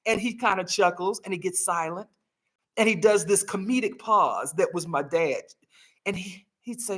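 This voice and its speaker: A woman's voice: mid-range voice, moderate pace. A woman hosting a live healing challenge, talking earnestly and telling heartfelt stories. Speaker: host. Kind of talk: live motivational healing talk.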